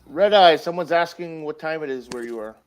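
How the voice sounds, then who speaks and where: A man's voice: on the high side, a crowd in the background. A man co-hosting a live stream chat who jokes bluntly and swears freely. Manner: blunt, joking, quick to swear. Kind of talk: casual chat. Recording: noisy background with clicks.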